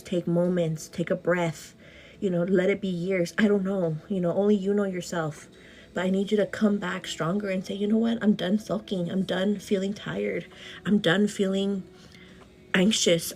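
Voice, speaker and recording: A young woman talks fast and passionately into her phone camera at home, doing her makeup as she goes. She keeps calling the viewer "girl" and leans on "you know" while giving an earnest pep talk. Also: medium pitch, darkish tone, low-quality recording. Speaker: beauty vlogger. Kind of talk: get-ready-with-me motivational chat. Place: home, indoors.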